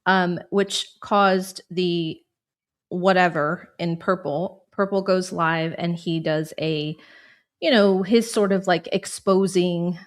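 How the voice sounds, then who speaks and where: A woman guest on a livestream calmly walking through a timeline of events. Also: on the low side, takes it slowly. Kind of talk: recounting a timeline.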